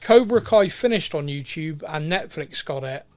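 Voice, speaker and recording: A man's voice: on the high side, lively intonation, normal speed, a little mellow. A man hosting a podcast, chatting casually, self-mocking and often laughing. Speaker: podcast host. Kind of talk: casual chat.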